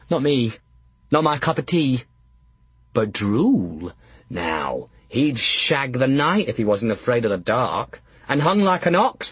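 A man voicing a quick-witted, sharp-tongued young male jester with a bawdy, mocking manner. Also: medium pitch, husky, no echo.

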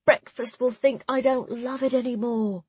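A woman's voice: on the high side, steady tone, moderate pace, warm tone, breathy edge, no echo, highs cut off, voice pushed up. A woman voicing an impatient, hungry young girl novice who blurts and whines. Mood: whiny.

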